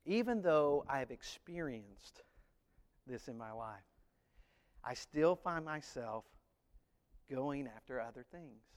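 A man preaching a sermon as pastor, animated, acting out voices and singing short snippets. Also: mid-range voice, slow, long pauses, long reverb tail.

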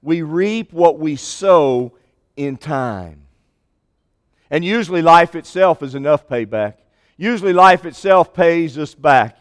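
A man preaching a sermon with an emphatic, repetitive cadence, slowing down to stress key lines. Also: fairly high pitch, expressive, smooth. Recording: long hall reverb.

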